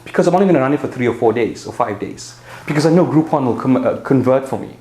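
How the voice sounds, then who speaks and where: A man's voice: mid-range voice, lively intonation, quick pace, warm tone, a little hiss or hum. A man with a South African accent coaching a group on fitness business marketing, talking directly and punchily and checking in with his listeners. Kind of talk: marketing seminar talk. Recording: roomy echo.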